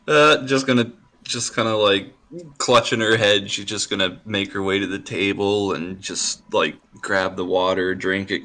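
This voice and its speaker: A man's voice: lowish voice, fairly even intonation, unhurried, bright, forceful tone. A man playing a tabletop game, speaking hesitantly with many fillers. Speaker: player.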